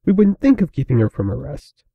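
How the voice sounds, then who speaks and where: A man's voice: a little high, sing-song, a little fast, vocal fry, husky, dry recording, phone-quality sound, exaggerated voice. A man voicing a tall, honorable young male dragon who is choked up but trying to stay brave. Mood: gentle.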